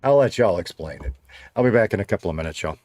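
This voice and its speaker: A man's voice: low voice, animated, fast, a little mellow, no echo, studio quality. A man, chatting casually on a game livestream and reading viewer comments aloud. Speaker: streamer host.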